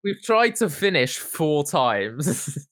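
Jokey young man, slightly high. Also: very animated, drawn-out words, fairly bright tone, dry recording, clean studio sound. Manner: laughing, jokey, acts out quotes. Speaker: podcast co-host. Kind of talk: casual chat.

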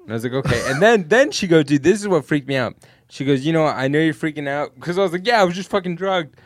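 A man's voice: fairly high pitch, expressive, fast talker, dry recording, clean studio sound. Laid-back young man telling a rambling story. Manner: rambling, laid-back, heavy swearing and fillers. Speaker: podcast co-host. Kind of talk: casual storytelling among friends.

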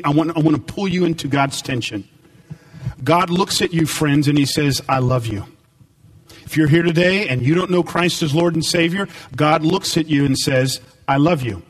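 Animated high-voiced man preaching a sermon. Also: recorded from a distance, poor audio. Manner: animated, rising to emphatic peaks.

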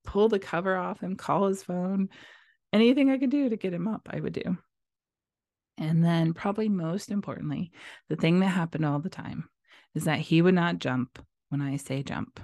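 Candid woman with a mellow, dry voice. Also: on the low side, moderate pace, no room sound. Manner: candid and animated, acting out past arguments. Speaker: podcast host. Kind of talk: personal storytelling podcast.

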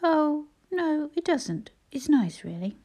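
Storybook girl, brave and kindly, earnest and soothing, mellow tone; a woman reader puts her on. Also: high-pitched, big pitch swings, slow, voice pushed up, heavily acted. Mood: gentle, reassuring. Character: brave, practical young girl.

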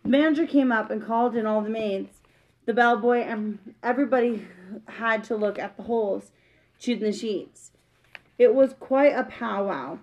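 A woman reading a children's book aloud, plain and steady, with small slips. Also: fairly high pitch, normal speed, muffled recording. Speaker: reader.

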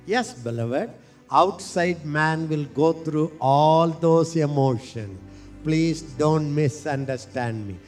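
A man preaching with fervor, his voice sitting a touch high for a man. He draws out his phrases slowly and calls on the listeners to repeat after him. Soft music hums faintly underneath. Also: expressive. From India. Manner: impassioned, leads call-and-response with slow, stretched phrases. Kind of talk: sermon.

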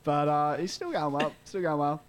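A man's voice: a little high, normal speed. A young man, co-hosting a student radio show in rambling casual chat with dry jokes.

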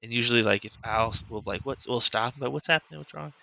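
A man's voice: mid-range voice, quick pace, vocal fry, pushed and bright, muffled recording. A man hosting a podcast, telling a personal story as a father in a loose, rambling way that is full of "like". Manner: loose and rambling, heavy use of "like". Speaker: podcast host. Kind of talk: casual storytelling chat.

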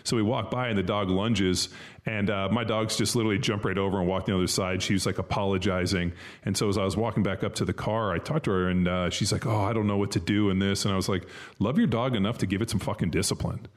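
Man, very low voice, loose profane podcast talker. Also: fairly even intonation, fast talker. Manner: rambling, swears a lot, many fillers. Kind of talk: casual chat.

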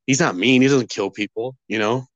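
Male podcast co-host, mid-pitched, dry studio sound, loose conversational critique. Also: dry recording, highs cut off. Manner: chatty, halting critique with many fillers. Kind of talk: casual movie chat.

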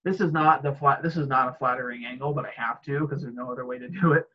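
A man's voice: mid-range voice, fast, dull audio. A man in casual chat, rambling and laughing often as he acts out quoted exchanges.

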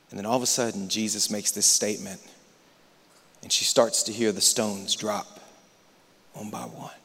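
A man preaching a sermon as pastor, moving between hushed, near-whispered passages and loud, impassioned stretches. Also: lowish voice, fairly even intonation, moderate pace, vocal fry, pauses often. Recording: long reverb of a large hall.

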